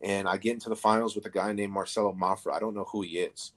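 A man's voice: fairly low pitch, fairly even intonation, fast, a bit bright. A man in his thirties, a podcast guest, telling a story casually with lots of swearing and fillers. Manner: profane, rambling, filler-heavy.

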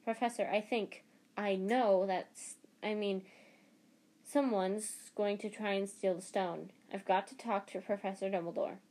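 A woman's voice: medium pitch, steady tone, a little slow, darkish tone. Woman reading as a frantic young schoolboy wizard. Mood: urgent. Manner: urgent, frantic.

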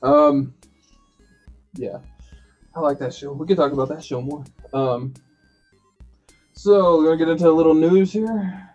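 A man's voice: fairly high pitch, steady tone, unhurried, long pauses, darkish tone, dull audio. A man hosting a casual podcast chat, rambling with many fillers and restarts. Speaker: podcast host. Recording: faint bed music behind.

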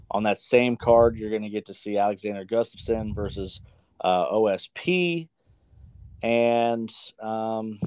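A man's voice: on the low side, a little mellow, clear, resonant tone, no room sound. Swearing, name-fumbling American guy. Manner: casual, swears often, stumbles over names. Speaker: sports podcast co-host. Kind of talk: casual sports chat.

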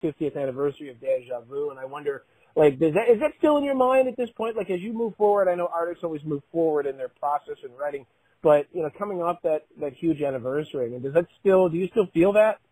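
A man asks a musician a long question, rewording it several times as he goes. His voice is husky and sits a little high. The sound is dry and close. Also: lively intonation, fast talker, mellow, no echo, poor audio. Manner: rambling, rephrases questions. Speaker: interviewer. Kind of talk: interview question.

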